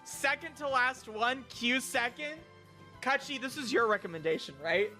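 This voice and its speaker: A young man with a high, bright voice talks loosely in a casual stream chat. He stumbles over his words, repeats himself and swears crudely, breaking into mock-outraged protests. Faint music plays behind him. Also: moderate pace. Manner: rambling, stammering, crude, mock-outraged outbursts. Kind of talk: casual stream chat, reviewing viewer picks.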